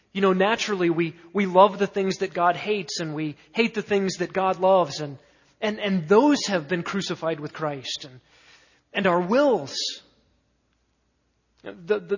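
A man's voice: high-pitched, husky. A man preaching an expository sermon, emphatic, stacking lists of words with rising force. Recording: dull, echoey hall sound.

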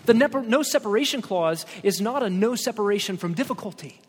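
A man's voice: high-pitched, expressive, brisk, few pauses, husky, in a large hall. A male pastor preaching an expository sermon, emphatic, reading scripture aloud with rising stress.

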